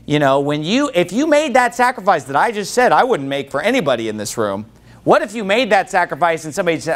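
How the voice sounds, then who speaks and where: A man preaching a fiery sermon to a congregation, whose voice climbs into shouting when he gets worked up. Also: high-pitched, sing-song, fast talker. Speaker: pastor.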